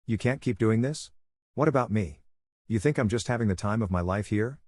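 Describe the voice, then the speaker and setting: A man's voice: on the low side, brisk, darkish tone, no room sound, clean studio sound, lightly acted. Smug sarcastic husband, read by a man. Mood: scornful. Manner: sarcastic, dismissive. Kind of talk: scripted story reading.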